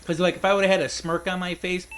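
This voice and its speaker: A man's voice: sits high, little pitch movement, fast talker, fairly bright tone, slight background noise, rough recording. A young man gaming at home, telling a long rambling story, laughing often and calling people dude and man. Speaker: gaming streamer. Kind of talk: casual storytelling while gaming.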